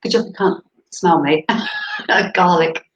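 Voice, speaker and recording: Low-voiced woman on a roomy laptop mic. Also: slow, slight background noise. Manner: relaxed, giggly. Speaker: guest. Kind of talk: casual chat on a video call. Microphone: laptop mic on a video call.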